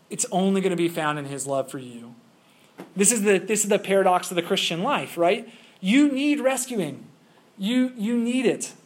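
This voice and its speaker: A male pastor preaching a sermon in a conversational way, full of rhetorical questions. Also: high voice.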